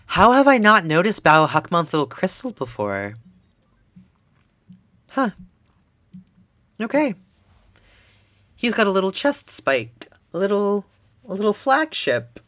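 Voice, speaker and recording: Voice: mid-range voice, sing-song, measured pace, long pauses, a bit bright. A streamer giving casual, rambling gameplay commentary, chatty and full of "like". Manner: chatty and rambling, heavy use of "like".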